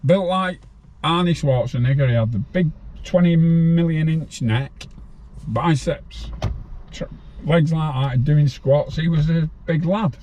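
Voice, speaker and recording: A man's voice: a little high, unhurried, darkish tone. An older man from northern England, a guest telling stories from his time in prison in a blunt, casual way, swearing freely. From Farnworth, northern England. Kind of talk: casual storytelling interview.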